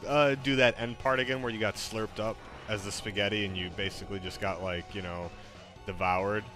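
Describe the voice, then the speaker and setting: A man's voice: on the low side, fairly even intonation, brisk, over music. A man streaming, giving rambling, filler-heavy casual instructions. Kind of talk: casual chat.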